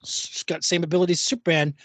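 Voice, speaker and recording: A man's voice: on the high side, level tone, quick pace, a bit bright, no room sound. A man co-hosting a podcast, talking in a rambling, emphatic way with frequent restarts and swearing. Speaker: podcast co-host. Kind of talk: casual chat.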